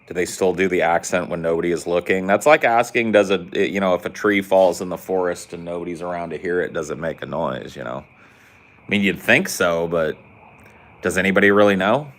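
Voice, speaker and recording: Deep-voiced man riffing in chat. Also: brisk, fairly bright tone. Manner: joking, riffing, rambling. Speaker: podcast co-host. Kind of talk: casual chat.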